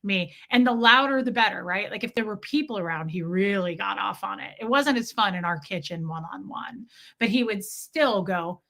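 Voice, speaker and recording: A woman's voice: medium pitch, moderate pace, vocal fry. A middle-aged woman chatting candidly on her live stream, answering viewer comments and swearing freely as she talks about her ex. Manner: candid and animated, swears, mocks a condescending ex in quoted voices.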